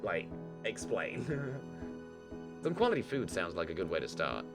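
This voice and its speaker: A man's voice: sits low, wildly swooping pitch, a little slow, music in the background. A man casually commenting and reading aloud while streaming a story game, with joking asides. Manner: laughing asides, swearing.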